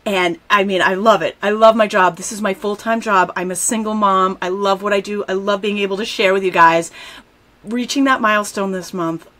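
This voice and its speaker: A middle-aged woman hosting a live craft stream, talking straight to her viewers in a gushing, excitable way. Her pitch sits in an ordinary middle range, and she chats casually and warmly. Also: moderate pace. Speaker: stamping demonstrator hosting a live craft show.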